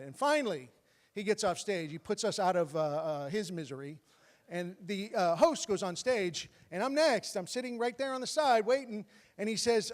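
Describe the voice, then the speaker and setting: A man telling a true personal story on stage with comic timing and animated bursts. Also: high voice, normal speed. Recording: long hall reverb.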